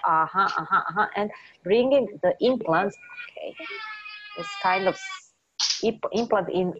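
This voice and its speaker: A woman's voice: lowish voice, noisy background. A woman leading a guided healing session as an energy healer, repeating short commands in a chant-like way.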